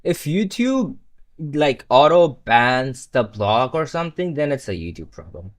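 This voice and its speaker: A man's voice: mid-range voice, very animated, measured pace. A young man who is not a native English speaker, chatting casually on a live stream while coding, rambling and swearing when frustrated. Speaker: livestreamer.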